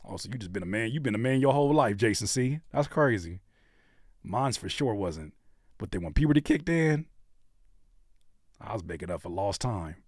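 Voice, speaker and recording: A man's voice: lowish voice, no room sound, clean studio sound. A man hosting a livestream where he reacts to music submissions, talking casually, joking and repeating phrases for effect. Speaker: host reviewing music submissions.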